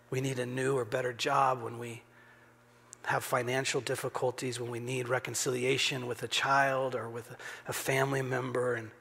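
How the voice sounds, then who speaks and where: Gravelly-voiced man preaching a sermon. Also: medium pitch. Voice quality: gravelly, husky. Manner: earnest, swings from raised urgency to hushed near-whisper. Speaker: pastor. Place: church sanctuary.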